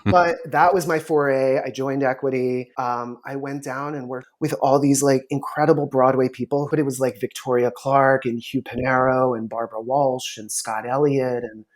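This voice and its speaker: A man, a talent manager, recounting his past in a relaxed podcast interview, acting out the people he quotes. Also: medium pitch, moderate pace, few pauses. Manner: storytelling, animated quoting of others.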